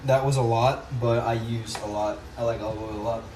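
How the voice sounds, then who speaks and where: A man with a medium-pitched, steady voice speaks briskly to camera while cooking at home, thinking aloud in casual vlog chat. The home cook's audio is roomy, distant, and noisy.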